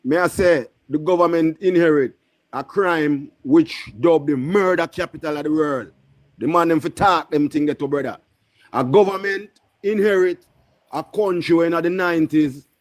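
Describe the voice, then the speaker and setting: A man's voice: a little high, normal speed. A man with a Jamaican accent making a heated, insistent political argument in patois on a live group call. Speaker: caller on a live political chat.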